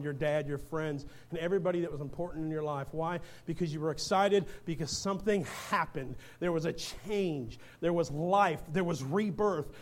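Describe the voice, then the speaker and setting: A man preaching a fervent sermon in a church, building from reading scripture to shouting exhortation. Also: a little high.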